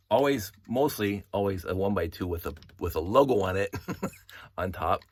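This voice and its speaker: A middle-aged man excitedly showing toy pieces from his collection, talking in a rambling way with many restarts and tangents. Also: sits low, moderate pace. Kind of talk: casual show-and-tell vlog.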